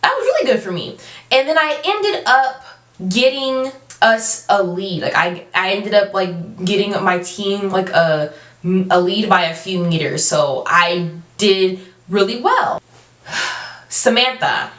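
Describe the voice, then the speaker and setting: A young adult woman telling a storytime vlog, animated and emphatic, with casual slang. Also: medium pitch, takes it slowly. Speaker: vlogger. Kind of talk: storytime monologue. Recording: roomy, from a distance.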